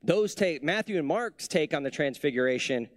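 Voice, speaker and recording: A pastor delivers his sermon in a fairly high male voice, talking with the congregation rather than at them. He keeps asking them questions and goes quiet and low on the tender lines. The sound is close and dry, with almost no room echo. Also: animated, normal speed. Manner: conversational preaching with many rhetorical questions.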